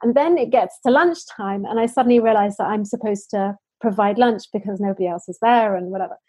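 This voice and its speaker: Soft husky woman telling earnest stories. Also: mid-range voice, a little fast, no echo. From United Kingdom. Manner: earnest storytelling, frequent restarts and fillers. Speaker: founder of a nappy-making social enterprise. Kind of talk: conversational interview answer.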